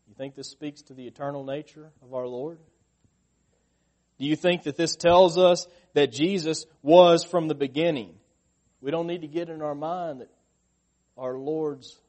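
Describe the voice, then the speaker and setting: Preaching man with a fairly high voice. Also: darkish tone. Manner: rises in pitch and volume when stressing points, asks the listeners questions. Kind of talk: sermon.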